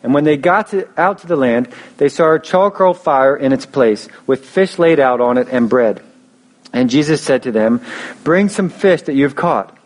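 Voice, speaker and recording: A young male pastor preaches a sermon like he's casually telling a story, often restarting phrases and dropping in fillers. His voice is medium-pitched and animated, moving at a moderate pace.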